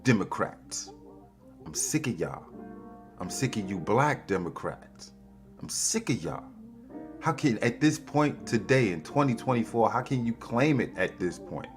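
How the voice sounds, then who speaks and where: A man hosting a podcast, ranting heatedly and with lots of profanity, his voice jumping high in pitch to mock people. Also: unhurried, soft background music. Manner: heated, profane, animated with big pitch swings. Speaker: podcast host. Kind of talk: opinionated political rant.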